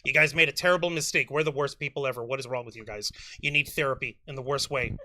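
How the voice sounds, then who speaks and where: A man's voice: mid-range voice, steady tone, fast, sharp tone. A man co-hosting a live pop culture stream, bantering with sarcastic jokes and playful hype. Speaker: podcast co-host. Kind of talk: casual live-stream chat.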